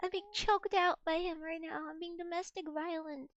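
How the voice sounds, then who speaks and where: A young woman with a very high voice chats on a live stream from home, close on a desk mic. She coos fondly at her cat and rambles with little restarts. The sound is dry and close, with no room echo. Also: fairly even intonation, normal speed, highs cut off. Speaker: VTuber streamer. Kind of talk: casual live-stream chat.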